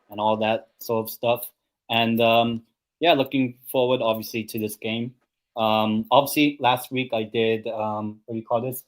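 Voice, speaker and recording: Rambling young man hosting a stream. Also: mid-range voice. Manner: chatty, rambling, lots of ums and obviouslys. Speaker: host of a live match watchalong stream. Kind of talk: casual chat and match predictions.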